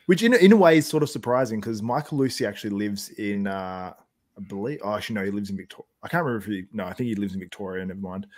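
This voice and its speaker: A man's voice: fairly low pitch, lively intonation, very fast. A young Australian man hosting a casual podcast chat, rambling with lots of fillers and laughs. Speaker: podcast host.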